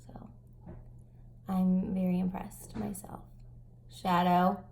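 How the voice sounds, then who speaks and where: A woman in her thirties chatting through a casual makeup tutorial, stuffy and breathing heavily, with self-mocking soft asides. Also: lowish voice, level tone, slow pace, gravelly, a little hiss or hum. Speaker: makeup vlogger.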